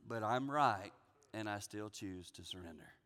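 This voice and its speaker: A man preaching voices God speaking in a soft, low, near-whispered, earnest way, in a reverberant hall. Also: moderate pace, natural voice. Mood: solemn. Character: hushed low voice of God, gentle, patient.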